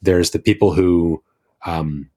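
An American man with a very low, deep voice, chatting casually on a podcast. He tells stories with enthusiasm and tends to ramble. His tone is relaxed and conversational. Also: slow. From United States. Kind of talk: casual chat.

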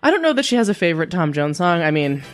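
A woman's voice: on the low side, very animated, fast talker, soft background music. A woman co-hosting a podcast, telling family stories in a rambling, casual way with lots of "like". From Canada. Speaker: podcast co-host. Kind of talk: casual chat.

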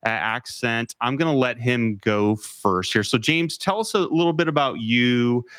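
A man's voice: medium pitch, a little slow, fairly bright tone, dry recording. Playful male podcast host. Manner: playful, jokey. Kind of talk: casual interview hosting. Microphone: video call.

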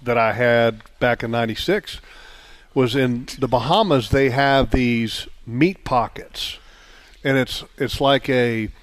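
A man co-hosting a casual radio chat, rambling with many restarts and getting excited about food. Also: medium pitch, slow pace, no echo. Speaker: co-host.

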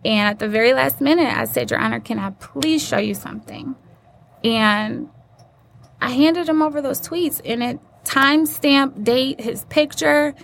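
With a high, gravelly voice and a slightly slow delivery, a woman guest earnestly recounts a personal story, imitating those she quotes. Faint background noise is audible.

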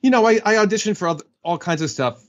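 A man's voice: high voice, lively intonation, fast. A man, a voice actor, chatting as a guest in a casual interview. He rambles and corrects himself, with plenty of fillers. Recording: dull lo-fi audio.

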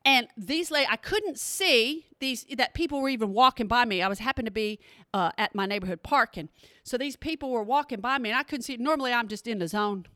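A high, bright-voiced woman, chatting to her podcast listeners. Her delivery is animated and full of exclamations, with a dry, close sound. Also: brisk, no room sound. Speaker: podcast host. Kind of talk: casual storytelling monologue.

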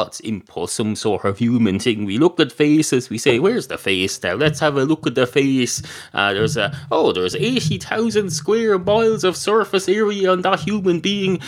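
Rambling Irish podcast host. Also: male voice, medium pitch. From Ireland. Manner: rambling, self-interrupting, profane. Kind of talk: solo comedic podcast monologue.

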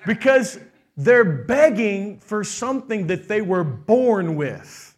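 A middle-aged man preaching a sermon with animated delivery, putting on quoted voices and asking the congregation questions. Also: high voice, takes it slowly. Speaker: pastor.

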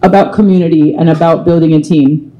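A woman's voice: sits low, a little fast, lo-fi sound. A woman singer, a guest on a live panel at a bar, telling candid and profane stories. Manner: profane, animated storyteller.

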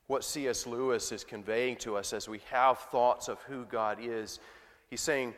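A man's voice: mid-range voice, steady tone, measured pace. A male pastor giving a sermon in a conversational preaching style, with rhetorical questions to the congregation. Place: church sanctuary. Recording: long church reverb.

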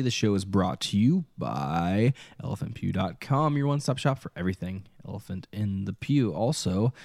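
A man's voice: lowish voice, darkish tone, no echo, clean studio sound. A man co-hosting a podcast, chatting casually and rambling with lots of hesitations. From Midwest of the United States. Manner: rambling, hesitant with many ums. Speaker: podcast co-host. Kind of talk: casual chat.

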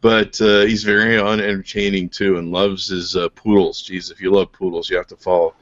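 A man's voice: deep voice, flat delivery, brisk. A man hosting a podcast, enthusiastic and joking as he shows off a product, laughing often. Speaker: podcast host. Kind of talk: casual product chat. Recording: dull lo-fi podcast audio.

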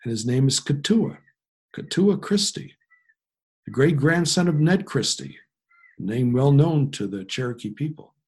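A man's voice: medium pitch, lively intonation, measured pace, a little mellow, breathy edge. A man telling a personal story in a reflective, self-deprecating way. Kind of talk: personal anecdote.

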